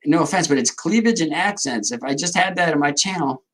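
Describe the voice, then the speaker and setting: A man's voice: on the high side, expressive, brisk, a bit bright, low-quality recording. Rambling man chatting with viewers. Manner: rambling, joking, talks to viewers' comments. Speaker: livestream host. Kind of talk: casual livestream chat.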